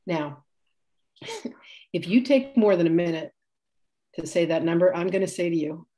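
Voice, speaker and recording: Low, mellow-voiced woman telling stories. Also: animated, measured pace, a little hiss or hum. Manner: chatty, rambling, laughs often, corrects herself. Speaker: spiritual teacher and healer. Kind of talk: live class demonstration, casual storytelling.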